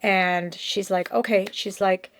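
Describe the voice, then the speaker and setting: A woman's voice: medium pitch, steady tone, normal speed. A woman vlogger telling a story to camera, emotional and rambling, often restarting her sentences.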